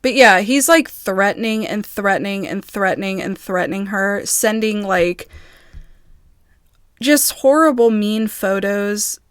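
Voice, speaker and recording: A woman vlogger in a casual video, reading messages aloud in quick bursts and breaking off in agitated, halting asides. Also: medium pitch, no echo, clean studio sound. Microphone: phone.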